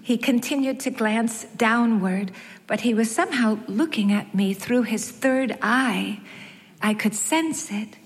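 A woman narrating her own story as an audiobook, wry and measured with light self-mockery. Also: a little high. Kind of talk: first-person audiobook narration. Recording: long hall reverb.

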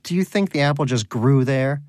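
A man's voice: medium pitch, moderate pace, a little mellow, dry recording, studio quality, voice pushed up, close to an everyday voice. A man voicing a pious, hungry male pet hamster who preaches with earnest indignation. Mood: indignant.

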